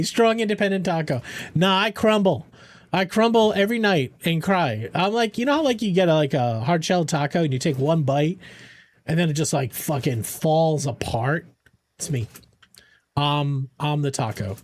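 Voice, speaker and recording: Animated, high-voiced man chatting on stream. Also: moderate pace, no echo. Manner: playful, rambling, answers chat and jokes around. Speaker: game streamer. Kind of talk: casual live-stream chat.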